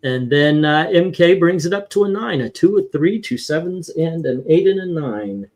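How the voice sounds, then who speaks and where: Upbeat male host, slightly high voice, casual livestream panel chat, tallies scores aloud. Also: animated, moderate pace, darkish tone. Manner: upbeat, tallying votes aloud.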